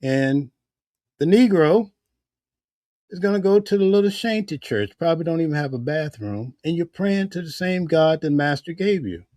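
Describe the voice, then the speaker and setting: A man's voice: fairly high pitch, animated, moderate pace, darkish tone, no room sound, studio quality. A man giving casual spoken commentary in a heated, preachy way, full of rhetorical questions. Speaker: vlogger.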